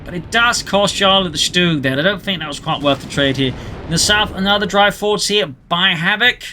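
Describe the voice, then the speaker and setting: A man's voice: high voice, brisk, pushed and bright. A man commenting a strategy game replay play by play, adding history asides. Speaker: game caster. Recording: game sounds and engine noise behind the voice. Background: in-game battle sounds and vehicles.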